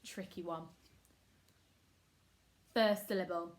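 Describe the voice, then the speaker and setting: A woman's voice: fairly low pitch, fairly even intonation, slow pace. A woman teaching a phonics lesson to young children, upbeat and encouraging, sounding words out syllable by syllable. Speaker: primary school teacher.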